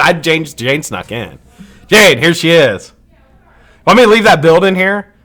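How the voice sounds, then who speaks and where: A man hosting a live stream in loose, casual chat, greeting viewers one by one and joking as he goes. His voice is bright and forceful, and his pitch swings up and down with lively energy. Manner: animated, greets viewers by name, rambling and joking; swears casually.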